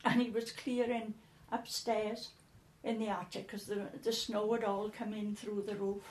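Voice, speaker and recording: A woman's voice: medium pitch, little pitch movement, a little slow, darkish tone, echoey room. An older woman, telling stories in an interview in a chatty way, often repeating words as she recalls. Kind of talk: casual storytelling.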